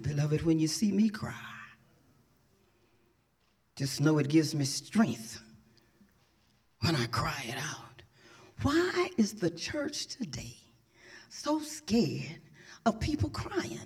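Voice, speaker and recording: A middle-aged woman pastor preaching an impassioned sermon, dropping to whispers and then rising to shouts. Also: sits low.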